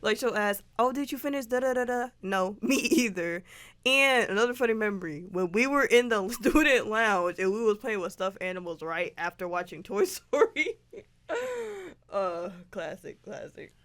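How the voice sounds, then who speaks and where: A woman's voice: mid-range voice, animated, moderate pace, fairly bright tone. A teenage girl student in a playful casual chat, laughing often as she talks.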